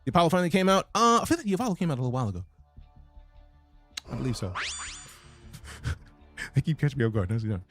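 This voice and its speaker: A man's voice: mid-range voice, expressive, racing, long pauses, fairly bright tone, faint music behind. A man streaming a game, chatting casually and profanely while reading out his chat. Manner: casual, profane, reads chat messages aloud.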